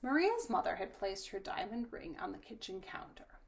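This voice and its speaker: A woman reading a children's storybook aloud, her narration soft and often dropping to a whisper. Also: medium pitch, very animated, moderate pace, gravelly.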